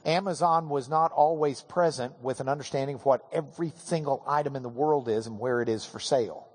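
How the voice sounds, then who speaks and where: A man teaching a Bible class, telling an animated, self-deprecating story. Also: medium pitch, a little fast. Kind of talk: storytelling lecture. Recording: hall with long reverb.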